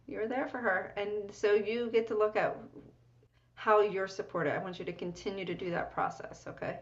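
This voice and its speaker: A woman coaches a client in an encouraging way, checking in with frequent questions. Her voice sits at a middle pitch. The recording sounds dull and lo-fi. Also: steady tone, moderate pace. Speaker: life coach. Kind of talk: coaching session.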